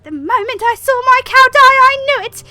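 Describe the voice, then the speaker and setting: A woman voicing a hysterical peasant woman who wails and accuses in a tearful, shrill voice. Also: animated, moderate pace, sharp tone, full character voice. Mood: wailing.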